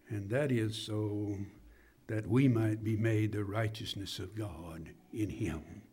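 Slow, deliberate male preacher. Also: on the low side, warm tone, husky. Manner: slow, deliberate preaching with emphatic rises on numbered points. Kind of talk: sermon.

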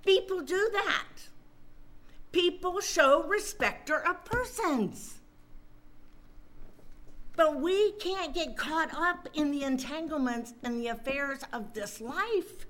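Woman preacher, slow and emphatic delivery, lively rising and falling pitch, bright voice, asides to the listeners. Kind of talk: sermon.

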